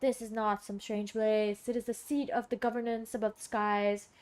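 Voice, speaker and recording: A woman voicing an ancient cosmic watcher, reading game lines in a grand, slow, formal manner. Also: fairly high pitch, little pitch movement, darkish tone, lightly acted. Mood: solemn. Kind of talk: reading game dialogue aloud.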